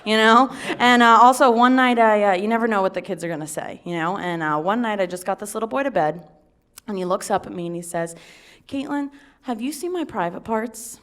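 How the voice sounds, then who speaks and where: A woman doing an energetic stand-up set about babysitting. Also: medium pitch, fast, clean tone. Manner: energetic, loud squealing impressions of kids and men. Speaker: stand-up comic. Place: comedy club stage with audience. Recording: faint audience laughter.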